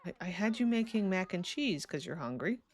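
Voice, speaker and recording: A woman's voice: fairly low pitch, sing-song, fairly quick. A young woman streaming a life-sim game, chatting casually and giggling as she talks to her characters, sleepy and yawning. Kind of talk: casual live game commentary.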